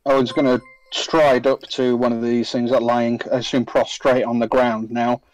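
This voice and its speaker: A man's voice: medium pitch, little pitch movement, normal speed, dry recording, soft background music, poor audio. A man playing a tabletop game, describing his character's actions in the third person. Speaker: player. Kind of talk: casual tabletop play.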